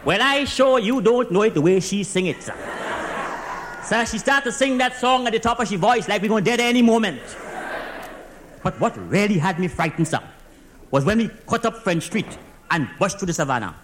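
High-voiced Trinidadian man telling a comic story. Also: normal speed, a little hiss or hum. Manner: excited storytelling in dialect, "sir" after almost every phrase. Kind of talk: comic monologue as one side of a phone call.

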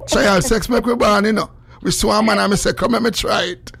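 A gravelly, high-voiced Jamaican man rants on his radio show. He swings from loud preachy shouting to low mumbled asides. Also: normal speed. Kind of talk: animated call-in radio rant.

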